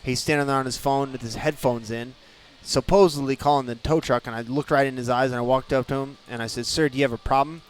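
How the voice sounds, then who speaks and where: A man talking as a guest on a radio show, recorded in the studio. He tells his story in a lively, animated way and acts out what the other people said. His voice sits at an ordinary middle pitch. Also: fast, hardly any pauses, smooth. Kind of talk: casual storytelling.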